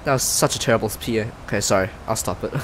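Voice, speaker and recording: A man's voice: fairly low pitch, fast, a bit bright, a little hiss or hum, poor audio. A man casually commenting on his flight sim stream, chatty and self-mocking, often trailing off and restarting.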